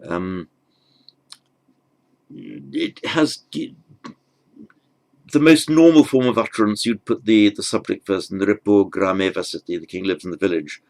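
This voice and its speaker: A man's voice: fairly low pitch, unhurried, gravelly, long pauses, a little mellow. A man giving a patient step-by-step language lesson, spelling out terms carefully with frequent ums and small restarts. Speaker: Sanskrit teacher.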